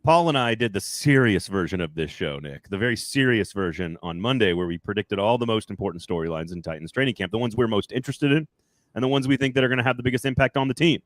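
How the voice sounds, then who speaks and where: A man's voice: lowish voice, fast talker, no room sound. A man hosting a sports podcast, casual and rambling, often correcting himself mid-sentence. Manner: chatty, rambling, self-correcting. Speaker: podcast host.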